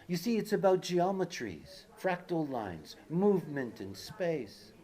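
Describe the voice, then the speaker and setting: A man's voice: fairly high pitch, big pitch swings, a little slow, mellow. A man giving an informal lecture with personal stories. He rambles, uses many fillers and asides, and repeats key words for emphasis. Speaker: speaker giving a talk.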